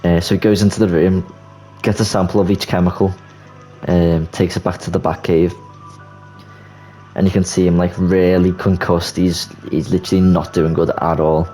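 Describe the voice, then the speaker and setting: A young man casually pitching a movie plot, telling it as an animated story with swearing and quick restarts. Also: poor audio. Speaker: YouTuber. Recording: faint music bed.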